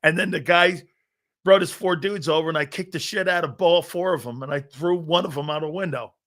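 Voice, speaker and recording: Male sports talk host in his fifties, brash and boastful, fairly high-pitched, restarts often and acts out quotes. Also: a little fast, a bit bright. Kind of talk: casual sports talk storytelling.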